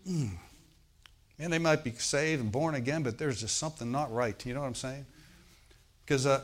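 A man delivering a Bible sermon in a relaxed, conversational manner. He reads scripture aloud, then talks it through plainly, often pausing to check in with his listeners. He lifts his voice on emphatic points and drops back down afterwards. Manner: conversational preaching, frequent check-ins with the congregation; rises in pitch and volume on emphatic points, trails off quietly. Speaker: pastor.

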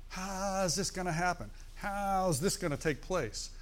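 Man preaching, conversational and lively. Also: high-pitched, a little slow. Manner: conversational preaching with frequent "right?" and "amen?" asides. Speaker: pastor. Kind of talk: sermon.

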